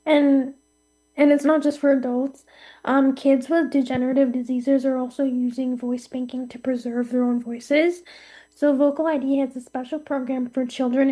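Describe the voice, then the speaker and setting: High, mellow-voiced woman reading steadily. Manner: steady reading with frequent ums. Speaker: co-host. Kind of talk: scripted podcast chat on voice technology.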